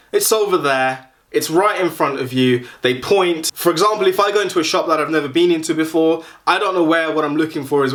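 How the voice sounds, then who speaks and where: A man's voice: on the high side, fairly bright tone. Young man, casual vlogger, wry and self-mocking. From London. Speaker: YouTuber. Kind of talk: casual vlog talk.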